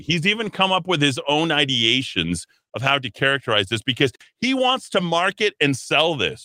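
A man's voice: fairly high pitch, animated, normal speed, few pauses, sharp tone, dry recording. A male talk host reading an article aloud and mocking it, with sarcastic asides and a put-on snooty voice. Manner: sarcastic, puts on a snooty voice to mock the writer; stumbling asides and restarts, laughs at his own jokes. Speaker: radio talk show host.

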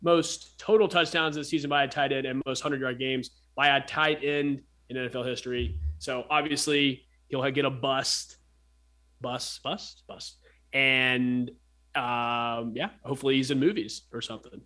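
Bright-voiced man rambling about sports. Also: medium pitch, steady tone, moderate pace. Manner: rambling, joking, lots of fillers and restarts. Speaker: sports podcast co-host. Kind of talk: casual sports chat.

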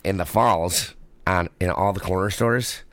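A man co-hosting a podcast in relaxed casual chat, full of "like" and quick laughs. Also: sits low, no room sound. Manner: relaxed, says "like" a lot, laughs often. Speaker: podcast co-host.

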